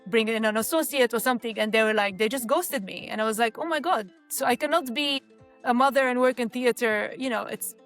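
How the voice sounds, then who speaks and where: A woman in her thirties from Lebanon, a scenic designer speaking as an interview guest in a reflective, halting way, often restarting sentences. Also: a little high, a bit bright, faint music behind. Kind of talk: candid conversational interview.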